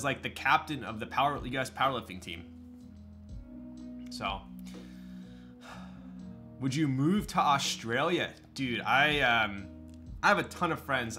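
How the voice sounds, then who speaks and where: A man's voice: medium pitch, bright, forceful tone. A man chatting casually on a live stream, answering his viewers' questions as they come in. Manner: chatty, loose, reads and answers chat.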